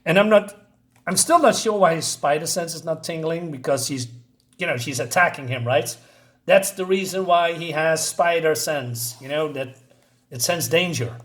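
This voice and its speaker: A man's voice: on the high side, moderate pace, fairly bright tone. A man giving a casual comic book review, hesitant and full of fillers and asides.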